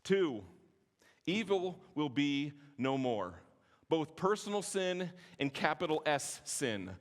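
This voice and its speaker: A man, teaching at a conference in a passionate, sometimes forceful way with joking asides. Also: on the high side, sing-song, slow. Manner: passionate, can sound forceful; self-deprecating joking asides. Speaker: conference speaker. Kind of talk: teaching sermon. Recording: long hall reverb.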